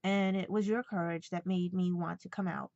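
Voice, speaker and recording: A woman's voice: lowish voice, steady tone, normal speed, gravelly, darkish tone, no echo, muffled recording. A woman vlogging casually, retelling a personal conversation in an emotional, rambling way and quoting what was said back and forth. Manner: emotional, rambling retelling full of quoted dialogue. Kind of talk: casual vlog storytelling.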